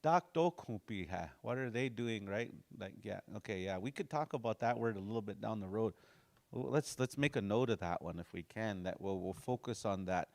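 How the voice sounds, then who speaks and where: A man's voice: on the low side, vocal fry, a little mellow. Easygoing male language teacher. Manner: repeats phrases slowly, drilling pronunciation; casual, folksy explanations. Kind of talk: language class.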